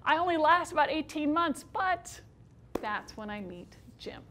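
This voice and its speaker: High-voiced woman telling her story wryly. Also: unhurried, slight background noise. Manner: wry, expressive storytelling with dry humor. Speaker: solo stage performer. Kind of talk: autobiographical one-woman stage show.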